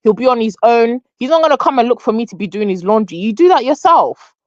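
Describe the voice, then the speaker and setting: A woman's voice: on the high side, animated, fast talker, dry recording. A woman who is a parent of sons, speaking as a guest in a plain, matter-of-fact way. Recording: dull, dry lo-fi audio.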